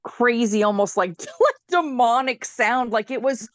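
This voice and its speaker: A woman guest on a podcast, a healer, telling her own story in a candid, animated way, laughing often and swearing freely. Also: on the high side, unhurried, dry recording. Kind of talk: casual storytelling in a conversation.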